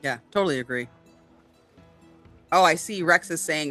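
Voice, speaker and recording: A woman's voice: on the low side, big pitch swings, normal speed, long pauses, sharp tone, faint music behind. A woman co-hosting a casual chat about tabletop games, with lots of fillers, often checking in with "right?". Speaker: podcast co-host.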